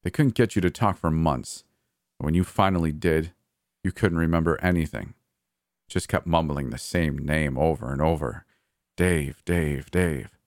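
A man's voice: a bass voice, unhurried, a little mellow, dry recording, clean studio sound. A man voicing a cold, gleeful, murderous adult brother in a horror story, with a taunting, sneering delivery. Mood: scornful. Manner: taunting, sneering, coldly cheerful.

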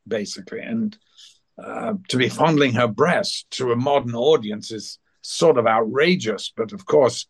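A man with a mid-range voice tells behind-the-scenes stories as an interview guest. He is animated and slips into the voices of the people he quotes. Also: medium pitch, breathy edge. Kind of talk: anecdotal storytelling.

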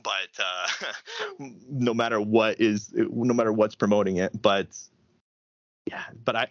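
A man's voice: lowish voice, a bit bright, no echo, dull audio. A man guesting on a podcast, chatting casually and rambling with lots of fillers. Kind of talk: casual interview chat.

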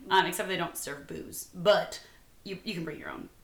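A woman's voice: lowish voice, moderate pace, creaky, reverberant. A woman in her thirties co-hosting a podcast, talking in a chatty, easygoing way and laughing easily. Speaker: podcast co-host. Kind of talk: casual chat.

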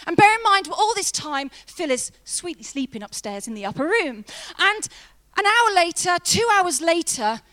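Woman preacher, high voice, chatty and emphatic sermon delivery. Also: very animated, normal speed, pushed and bright. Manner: chatty, humorous, laughs often, emphatic. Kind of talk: sermon with personal story.

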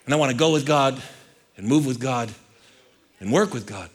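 A male pastor preaching a sermon in an animated, conversational way, swinging from loud to quiet. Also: mid-range voice, moderate pace, husky.

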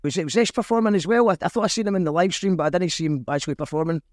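A man's voice: sits high, racing, no echo, studio quality. A Scottish man hosting a casual chat show, interviewing a guest and reading viewer comments aloud. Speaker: podcast host.

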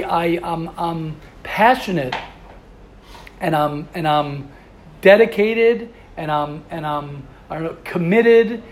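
Brief: high-voiced male rabbi, passionate and rambling, light noise behind. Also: a little mellow. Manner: passionate, repeats words and restarts often. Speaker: yeshiva rabbi. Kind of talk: informal Torah talk.

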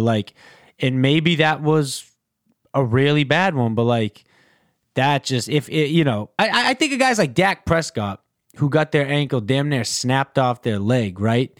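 On his casual sports podcast, a male host talks in a relaxed, rambling way loaded with fillers. His mid-range voice moves at normal speed, recorded in studio quality with no room sound.

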